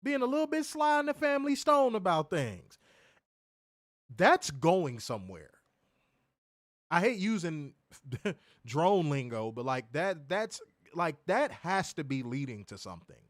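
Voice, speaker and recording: Casual profane male podcast co-host, lively up-and-down delivery, dry close mic, joking and teasing. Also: on the high side, a little slow, dry recording. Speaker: wrestling show co-host.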